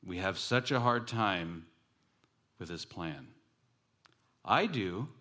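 A male pastor delivering a sermon in a lowish voice. He tells personal stories with animation and slips in self-deprecating jokes between points. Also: expressive, slow pace, sharp tone.

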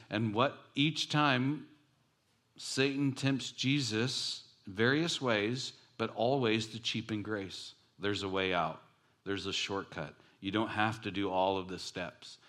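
A male pastor delivering a sermon in a lowish voice. He tells personal stories with animation and slips in self-deprecating jokes between points. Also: fairly bright tone.

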